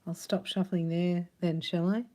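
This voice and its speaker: In this relaxed tarot monologue, a reader with a fairly low, mellow voice keeps a level tone and moderate pace. She's chatty and playful, laughing a lot and occasionally dropping almost to a whisper.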